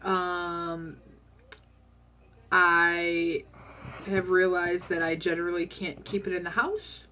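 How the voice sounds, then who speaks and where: A woman with a slightly low voice talks through her diet update in a loose, candid way. She is chatty and rambles, with plenty of ums, and she sounds like she is at home. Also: fairly even intonation, slow pace, pauses often, sharp tone. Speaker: vlogger sharing a diet update. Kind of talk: casual chat.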